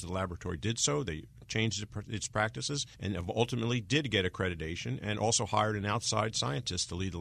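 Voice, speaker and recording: A gravelly older man speaks in a low register, measured and deliberate as he recounts his years in office. The recording is dry and close. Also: fairly bright tone, dry recording. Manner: measured, deliberate storyteller who acts out quoted voices. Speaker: former inspector general, guest author. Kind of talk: recounting anecdotes in an interview.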